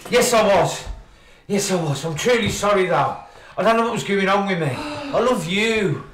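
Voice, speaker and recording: A man's voice: high voice, lively intonation, normal speed, fairly bright tone, far from the mic, slight background noise. An actor playing a cheating young fiance, begging and repeating his apologies. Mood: pleading. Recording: roomy, from off-mic.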